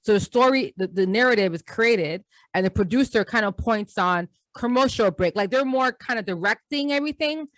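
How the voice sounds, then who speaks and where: A woman co-hosting a sports podcast in casual, animated chat, slangy and quick to laugh. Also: mid-range voice, no room sound. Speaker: podcast co-host.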